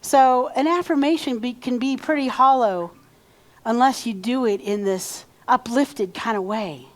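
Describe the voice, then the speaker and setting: A woman's voice: fairly high pitch, a little slow. A woman reverend giving a conversational sermon in church and leading the congregation in repeated affirmations. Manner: conversational, leads call-and-response affirmations. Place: church sanctuary.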